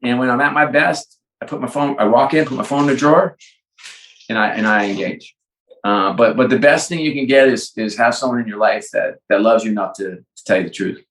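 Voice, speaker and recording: A man guesting on a podcast, telling animated stories and acting out both sides of the dialogues. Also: mid-range voice, fairly quick, reverberant, poor audio. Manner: energetic storyteller, acts out both sides of dialogues. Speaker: guest, sports and entertainment executive. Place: home.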